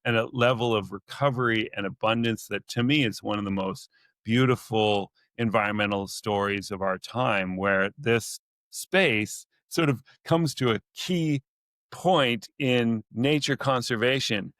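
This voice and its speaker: Ask: a lively naturalist man, storytelling. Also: on the low side, measured pace, dry recording. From California. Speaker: naturalist guest. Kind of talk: casual podcast interview.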